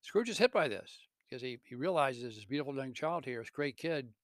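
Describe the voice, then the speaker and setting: Male teacher type, earnest story retelling, mid pitch, dry close mic. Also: lively intonation, fairly quick, no echo. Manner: earnest, with self-corrections.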